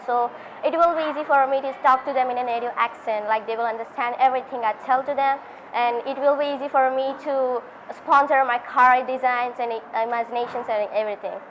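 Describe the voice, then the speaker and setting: Eager girl student, high voice. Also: slight background noise, low-quality recording. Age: teens. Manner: eager, demonstrating accents. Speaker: student interviewee. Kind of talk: interview answers.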